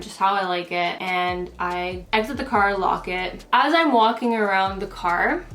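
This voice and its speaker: A woman's voice: medium pitch, fairly bright tone. A woman beauty vlogger talking casually through a makeup tutorial and a story, chatty and full of "like" fillers. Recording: roomy echo.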